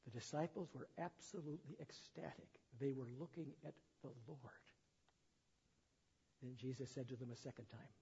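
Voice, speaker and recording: A man's voice: mid-range voice, warm tone, husky. A man preaching a sermon, reading the gospel and retelling it in plain words with chatty asides. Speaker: pastor. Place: church sanctuary. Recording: dull sound in a long-echo hall.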